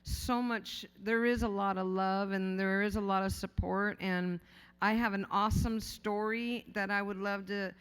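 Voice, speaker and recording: A woman's voice: mid-range voice, steady tone, a little slow, clear, resonant tone. A woman giving an off-the-cuff award acceptance speech, rambling and candid, joking and swearing casually, with many fillers and restarts, at a podium microphone in a large hotel ballroom. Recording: long ballroom reverb.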